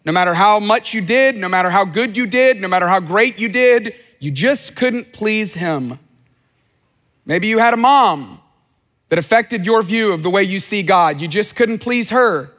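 High-voiced man preaching in a hall. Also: lively intonation, normal speed, a bit bright. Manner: earnest, conversational preaching with repeated phrases. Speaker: pastor. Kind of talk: sermon. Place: large church auditorium. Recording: church hall reverb.

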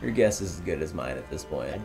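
A man playing a video game with a friend, joking around and swearing loudly when things go wrong. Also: very deep voice, lively intonation, fairly quick, over music. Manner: loud swearing outbursts, jokey. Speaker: gamer playing co-op commentary. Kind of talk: casual let's play banter.

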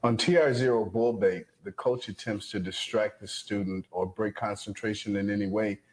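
A man acting as coach in a recorded drill demonstration, slow and mocking as he tries to provoke the student. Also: lowish voice, steady tone, a little mellow, rough recording.

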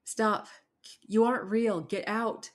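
A young woman facing down a curse, her words firm and steady in a low voice, as a female narrator voices her. A horror audiobook figure. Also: a little slow. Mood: desperate. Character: frightened but defiant young woman under a curse.

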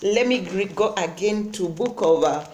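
A woman's voice: medium pitch, measured pace, darkish tone, roomy sound. A woman preacher, giving a sermon, reading scripture, then declaring and commanding with repeated phrases. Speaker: prophetess preacher.

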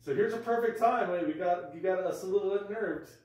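Ghost-hunting vlogger, a man calling out questions to spirits, slightly high voice, recorded from a distance in an echoey old room. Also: brisk, darkish tone. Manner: asks questions aloud to spirits. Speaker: paranormal investigator. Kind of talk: ghost-hunting vlog chatter. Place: rooms of an old building under renovation.

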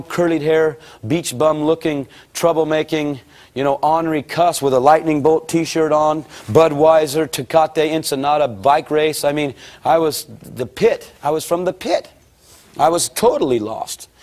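A middle-aged man preaching, telling his conversion story in an animated way and acting out the voices he quotes. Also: fairly high pitch, moderate pace. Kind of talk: sermon testimony.

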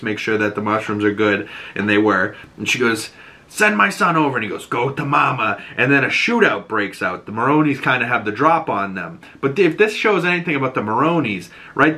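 Bright-voiced Boston man recapping a show. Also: mid-range voice. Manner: rambling, acts out quotes in shifting voices. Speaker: podcast host. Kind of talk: casual episode breakdown.

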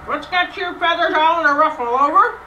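An actress playing a rude, gum-chewing small-town store clerk who talks in a rough folksy drawl. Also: female voice, high voice, a little fast, muffled recording, background noise, close to an everyday voice. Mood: cranky. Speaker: small-town shopkeeper and radio dispatcher. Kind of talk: comedic film acting.

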